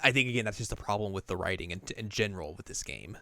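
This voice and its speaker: A man's voice: fairly low pitch, expressive, fast talker, vocal fry, bright, forceful tone, no room sound. A man hosting a casual podcast chat, joking and laughing often, with mock-gloomy asides. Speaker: podcast host.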